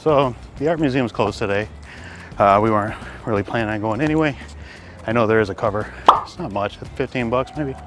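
A man's voice: on the low side, brisk, a little hiss or hum. Chatty middle-aged man from Detroit. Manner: chatty, self-deprecating, often winded. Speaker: vlogger. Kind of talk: casual travel vlog. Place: outdoors in a city, by stone steps. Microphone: handheld compact camera.

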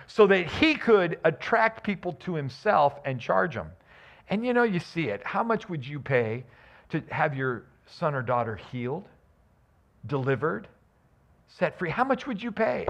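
A man preaching a sermon as a pastor, with animated, emphatic delivery and frequent restarts. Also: a little high.

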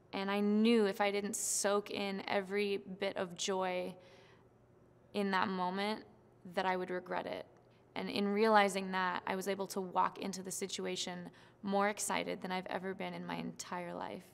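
A young woman, a singing contestant, excitedly recounting her experience in an interview, with many fillers and restarts. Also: medium pitch, creaky, clean tone, in a large hall.

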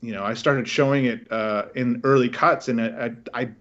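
A man's voice: mid-range voice, steady tone, moderate pace, a bit bright, muffled recording. A man with a Canadian accent, a film director, talking casually in an interview and rambling with many restarts.

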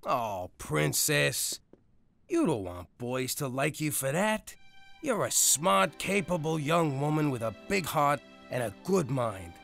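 A gravelly, blustering ex-mob father in an adult cartoon. His voice swings widely as he yells in exasperation, then caves to his daughter. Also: fairly high pitch, big pitch swings, slow pace, faint music behind, exaggerated voice. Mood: pleading. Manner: gruff, exasperated, prone to yelling. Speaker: strip club owner and father.

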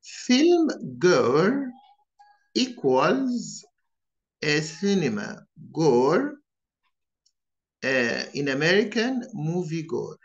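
Male English teacher drilling vocabulary, very slow, sing-song pitch, dull lo-fi sound. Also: big pitch swings. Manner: slow, deliberate, repeats each word in pairs.

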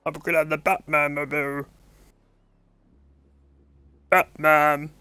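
A man casually commentating his racing game, swearing constantly and bursting into excited outbursts. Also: fairly high pitch, takes it slowly, no echo. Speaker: gameplay commentator.

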